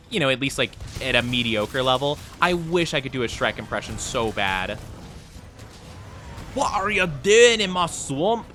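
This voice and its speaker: Man, gaming streamer, casual chat with viewers, self-deprecating, lively swinging pitch, bright tone.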